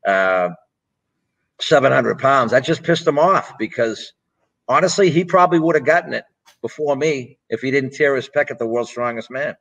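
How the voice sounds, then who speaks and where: A man's voice: medium pitch, animated, moderate pace, gravelly, a bit bright, highs cut off. Blunt, profane man in his sixties. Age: 60s. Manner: blunt, profane, rambling anecdotes. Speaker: interview guest, former strongman and pro wrestler. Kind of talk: casual storytelling interview.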